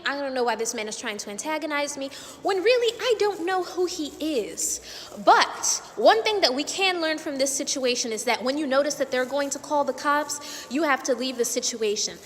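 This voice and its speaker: High-voiced indignant young woman ranting. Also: fairly bright tone, long reverb tail, slight background noise. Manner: indignant, emphatic, repetitive. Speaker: vlogger. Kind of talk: vlog rant to camera.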